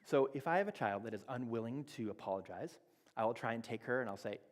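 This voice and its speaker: A man in his thirties talks through a sermon in a relaxed teaching manner, now and then acting out little exchanges. His voice sits in a middle register. The sound carries the long echo of a church hall. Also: mid-range voice, fast. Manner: conversational teaching, acts out quoted dialogue. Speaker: church speaker. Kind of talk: sermon on relationships. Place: church sanctuary.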